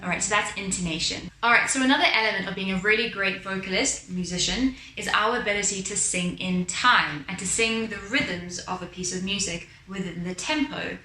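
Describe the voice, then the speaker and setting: A woman's voice: mid-range voice, a little fast, few pauses, bright, forceful tone, echoey room, slight background noise, low-quality recording. A woman vocal teacher explaining singing technique patiently, often checking in with the listener and breaking into short sung examples. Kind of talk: instructional talk with sung demos.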